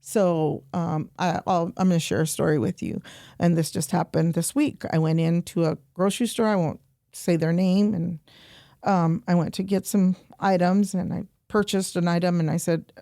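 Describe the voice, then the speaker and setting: A woman guest on a podcast interview, telling animated stories and repeating points for emphasis. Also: fairly low pitch, normal speed, creaky, no echo, studio quality. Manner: animated storytelling, quoting herself and others. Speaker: guest, nonprofit program director.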